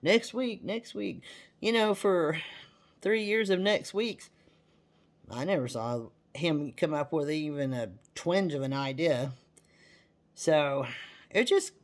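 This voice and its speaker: A woman talking casually to her viewers, chatty and animated, often repeating herself. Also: low-pitched. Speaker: vlogger. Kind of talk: casual talk to camera.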